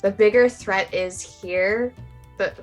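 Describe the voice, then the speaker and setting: A chatty woman at mid pitch, rambling along casually between fillers as a tabletop player on a live stream. Her voice sits in an ordinary middle range. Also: steady tone, slow pace, soft background music.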